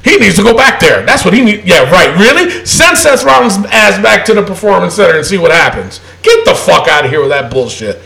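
A man's voice: high-pitched, sing-song, a little fast, vocal fry, hardly any pauses, sharp tone, rough recording. A man on a podcast, ranting in heated casual chat with lots of profanity and emphatic repetition. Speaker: co-host.

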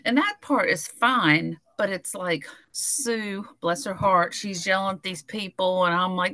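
A woman's voice: medium pitch, a little slow, few pauses, pushed and bright, no room sound. A woman co-hosting a casual podcast over a video call, blunt and profane, laughing often. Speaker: podcast co-host. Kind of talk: casual chat. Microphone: headphones on a video call.

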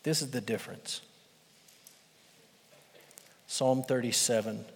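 Man preaching a lively sermon. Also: medium pitch, slow, gravelly, a little hiss or hum. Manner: animated storytelling, swings from loud to hushed. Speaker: pastor. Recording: long hall reverb.

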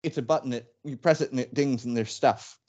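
A man's voice: mid-range voice, fairly quick, a little mellow, lo-fi sound. A man co-hosting a podcast, chiming in with wry jokes during a casual movie discussion. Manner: wry, jokey interjections. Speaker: podcast co-host. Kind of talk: casual movie commentary chat.

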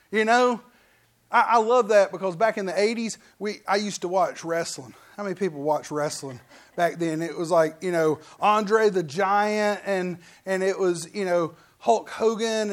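A man preaching a sermon, telling stories and acting out voices. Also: high voice. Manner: animated storytelling preacher, acts out voices. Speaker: pastor.

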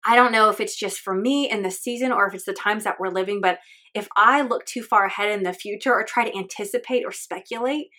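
A woman's voice: medium pitch, fairly quick, bright, forceful tone. A woman hosting a faith podcast, talking in an earnest, candid and chatty way with lots of fillers. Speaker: podcast host.

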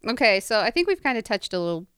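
A woman's voice: mid-range voice, sing-song, fast talker, fairly bright tone, clear, resonant tone, no echo, clean studio sound. A woman hosting a casual book podcast, steering the talk with questions. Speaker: podcast host.

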